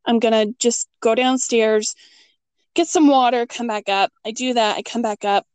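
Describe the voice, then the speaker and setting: Animated woman telling a spooky story. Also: moderate pace, smooth, dry recording. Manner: animated, acts out quotes with big pitch jumps and laughs. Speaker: guest telling a ghost story. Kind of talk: casual storytelling chat.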